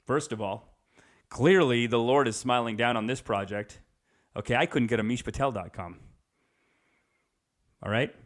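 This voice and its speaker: A young adult man doing a rambling comedic monologue as a podcast host, jumping into quick character voices. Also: mid-range voice.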